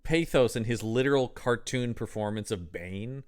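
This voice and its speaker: A man's voice: medium pitch, moderate pace, a little mellow, clean tone. A man co-hosting a podcast, talking sarcastically and jokingly about a film, with some swearing. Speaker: guest co-host. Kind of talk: casual movie review chat.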